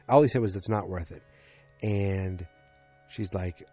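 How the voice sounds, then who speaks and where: A man's voice: sits low, fairly even intonation, a little slow, mellow, faint music behind. A man hosting a fan podcast, recapping an episode in a rambling, casual way and acting out quotes with lots of filler words. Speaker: podcast host.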